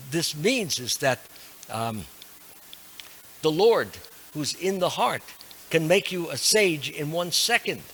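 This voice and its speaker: A man's voice: a little high, pushed and bright, a little hiss or hum. An older man giving a devotional sermon to a temple class, earnest and emphatic with self-deprecating asides. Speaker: monk lecturing a temple class.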